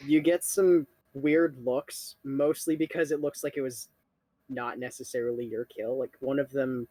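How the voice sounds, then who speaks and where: A young man with a husky voice narrating as game master, dry and teasing. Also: medium pitch, flat delivery, normal speed, warm tone, no echo. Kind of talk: narrating a tabletop game over voice chat.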